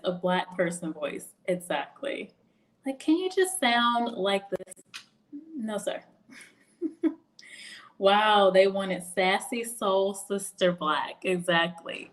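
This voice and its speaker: A young woman talks casually on a livestream, laughing often as she drifts into personal stories. Her pitch sits in an ordinary middle range. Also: fairly bright tone. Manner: chatty, laughs often, storytelling asides. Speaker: career video host.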